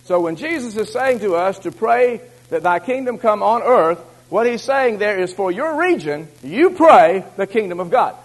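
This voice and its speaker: A man preaching a sermon, shifting between loud exhortation and low, confiding asides. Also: lively intonation, normal speed, few pauses, low-quality recording.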